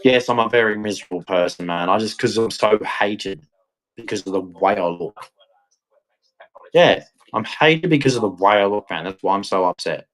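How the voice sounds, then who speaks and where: Bitter ranting man, lowish voice. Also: moderate pace, poor audio. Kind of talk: angry monologue to camera.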